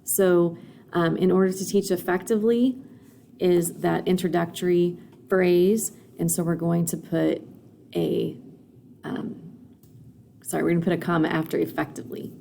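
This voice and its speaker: A woman's voice: lowish voice, fairly even intonation, normal speed, gravelly, dark tone, slight background noise. A woman teaching a recorded grammar lesson, explaining patiently with frequent fillers and "okay?" check-ins.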